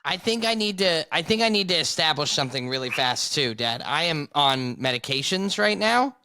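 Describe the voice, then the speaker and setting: A man's voice: fairly high pitch, lively intonation, normal speed, pushed and bright, clean tone. A young man with a congested nasal voice co-hosting a casual podcast with his father, chatting in a rambling, self-deprecating way. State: congested, sinus infection. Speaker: podcast co-host.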